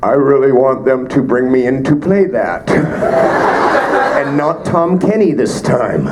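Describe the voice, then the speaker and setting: A Canadian voice actor answering fan questions at a convention panel, joking with quick asides. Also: male voice, mid-range voice, lively intonation. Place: convention panel room with audience. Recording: live room with crowd noise.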